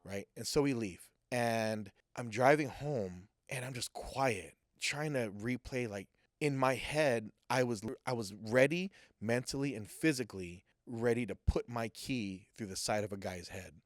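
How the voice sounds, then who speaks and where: A man telling a personal story in a casual, animated way, acting out what people said. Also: mid-range voice, a little slow, hardly any pauses, dry recording, clean studio sound. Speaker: guest sharing a personal testimony.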